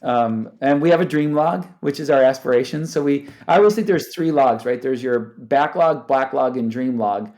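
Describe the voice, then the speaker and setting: A man's voice: mid-range voice, normal speed, hardly any pauses, darkish tone. A man speaking as a podcast guest, talking animatedly, often restarting sentences and laughing. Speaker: guest, startup founder. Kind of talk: conversational interview.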